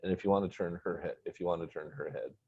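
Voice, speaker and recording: A man's voice: low voice, fairly even intonation, quick pace, dark tone, husky. Man reading as a teasing teenage schoolboy. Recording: dull lo-fi recording.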